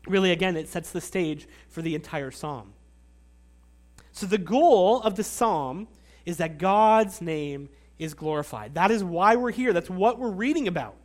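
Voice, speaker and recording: High-voiced male preacher. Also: animated. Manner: earnest teaching, measured with emphatic pauses. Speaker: pastor. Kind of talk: sermon.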